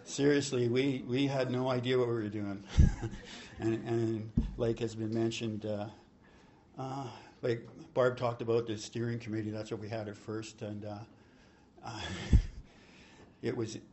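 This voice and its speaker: A man's voice: mid-range voice, flat delivery, measured pace, a little mellow, a little hiss or hum. A man sharing his recovery story at a convention, rambling, joking and swearing freely. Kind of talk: recovery-meeting share. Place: convention hall.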